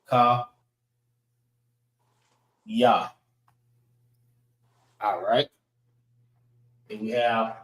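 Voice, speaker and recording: A man, teaching a class letter by letter in a slow, patient way, repeating each sound and saying "all right" between letters. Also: mid-range voice, echoey room.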